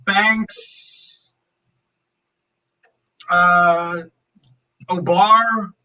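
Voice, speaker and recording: A man dealing art on a live show, playful, reading out names haltingly. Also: high-pitched, steady tone, bright, forceful tone, low-quality recording. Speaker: art dealer. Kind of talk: live sales show banter.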